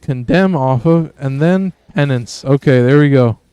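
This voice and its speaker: A man hosting a game stream, chatting in a laid-back way with bursts of excitement. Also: mid-range voice, a little slow, smooth, no room sound. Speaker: streamer host. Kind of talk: gameplay commentary.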